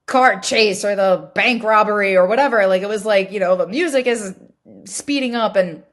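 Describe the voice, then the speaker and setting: A woman's voice: medium pitch, moderate pace. Candid woman telling a personal story. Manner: reflective, candid, many "like" fillers and restarts. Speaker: podcast host. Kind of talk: solo podcast storytelling.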